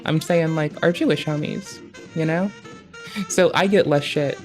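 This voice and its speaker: A slightly high-voiced man talks over a stream in loose, profane commentary. He rambles and drifts between thoughts, full of slang. Faint music plays behind him. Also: steady tone, moderate pace, darkish tone. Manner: rambling, digressive, heavy slang and swearing. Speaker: streamer reacting to a debate.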